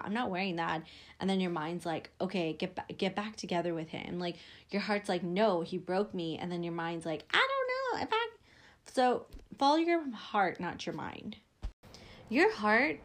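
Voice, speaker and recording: A woman's voice: medium pitch, slight background noise. A young woman hosting a podcast as a life coach, talking casually with lots of "like" fillers and acting out inner voices. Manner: chatty, frequent "like" fillers, acts out inner voices.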